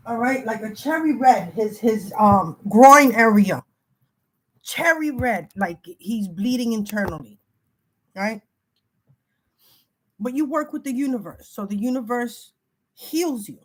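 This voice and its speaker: A woman talking straight to her viewers in an urgent, emotional monologue, often stumbling and repeating words as she warns them. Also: fairly high pitch. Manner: urgent warning tone. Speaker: spiritual video creator. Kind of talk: emotional direct-to-camera monologue.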